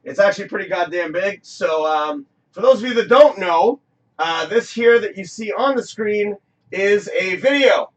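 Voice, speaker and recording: Excitable high-voiced live-stream host. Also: male voice, normal speed. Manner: rambling, excitable, swears freely, bursts into shouts. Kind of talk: casual live-stream chat. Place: home studio.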